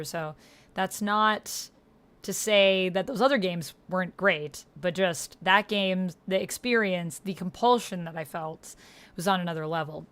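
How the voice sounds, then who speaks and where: A young woman with a Canadian accent chatting casually to her viewers while playing a game live, reading out chat and filling pauses with "uh" and "like". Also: lowish voice, a bit bright. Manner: chatty, reads chat aloud, frequent fillers. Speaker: streamer. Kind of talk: live-stream gameplay chat.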